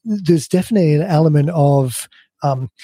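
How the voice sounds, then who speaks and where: A man hosting a podcast with a slightly croaky voice, explaining ideas in a relaxed way with many restarts. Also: on the high side, moderate pace, no echo. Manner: thinks aloud with many restarts.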